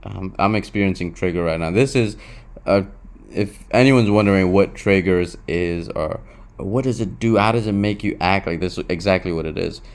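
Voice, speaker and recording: A man's voice: low-pitched, moderate pace. A young man talking candidly to his camera, restless and emotional, who swears, repeats himself and keeps saying "bro.". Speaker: vlogger. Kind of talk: confessional talk to camera.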